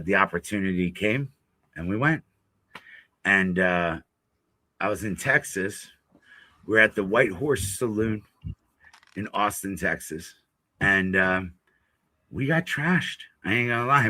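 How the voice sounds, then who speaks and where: A blues musician from Florida, appearing as a guest in a casual chat, tells a rowdy road-trip story, swearing and laughing freely. His fairly low voice sounds pushed and bright, and the recording has no echo.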